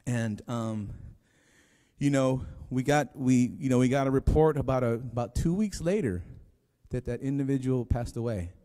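A man's voice: medium pitch, expressive, normal speed, dark tone. A man preaching a sermon as pastor, telling a story in a rambling, conversational way with many restarts. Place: church sanctuary. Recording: long hall reverb.

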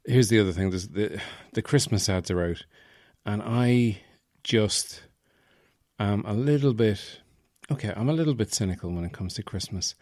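Low-voiced Irish man rambling wryly. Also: moderate pace, a little mellow, no echo, clean studio sound. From Ireland, Offaly. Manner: rambling, wry, self-mocking. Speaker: podcast host. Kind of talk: casual comic monologue.

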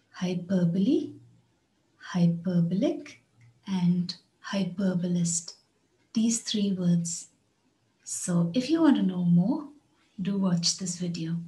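Slow, mellow woman teaching English. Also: medium pitch, low-quality recording. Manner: deliberate, patient, repeats key words and examples. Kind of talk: slow, careful lesson narration.

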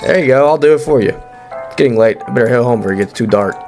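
A young man giving let's-play commentary on a horror game, excitable, joking and swearing as he reacts. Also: mid-range voice, rapid-fire, soft background music. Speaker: gaming YouTuber.

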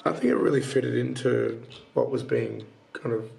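A man's voice: medium pitch, moderate pace, vocal fry, darkish tone. A man vlogging in casual, rambling, enthusiastic chat with a partner.

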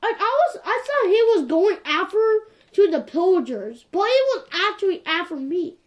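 A woman giving casual, animated commentary while playing a game. She sounds exasperated and keeps coming back to the same complaints. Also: very high voice, normal speed, muffled recording. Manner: animated and exasperated, repeats "like, for real". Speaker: gameplay commentator.

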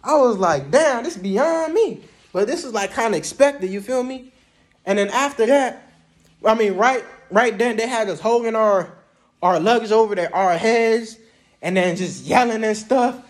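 A young man with a notably high-pitched voice tells a story to the camera in a relaxed, conversational way. His talk is loose and slangy, peppered with casual fillers like "man" and "bruh". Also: normal speed. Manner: slangy, laid-back, sprinkles "man" and "bruh". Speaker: vlogger recounting Army basic training.

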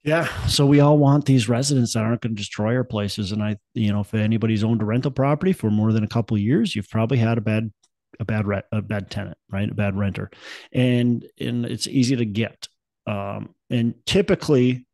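A man with a gravelly, fry-tinged voice chats as a podcast host. He rambles in an upbeat way, full of fillers and restarts. The sound is close and dry. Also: on the low side, normal speed, a little mellow, no echo. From Minnesota. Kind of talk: casual podcast chat.

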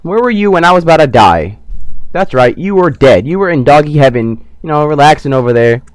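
A young man hosting his own gaming channel, giving playful, trash-talking commentary over his game and bursting into loud shrieks. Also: a little high, expressive, fairly quick, dry recording. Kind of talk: let's play commentary.

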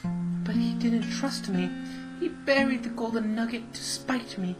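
A gamer voicing a grieving young widow in a soft, quiet, mournful way, over loud game music. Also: medium pitch, unhurried, voice pushed up, natural voice, rough recording.

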